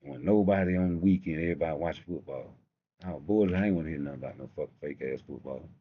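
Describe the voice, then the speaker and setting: A man's voice: a bass voice, quick pace, husky. A man hosting a live stream, rambling through profane stories in a casual rant. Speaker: live show host. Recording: dull lo-fi stream audio.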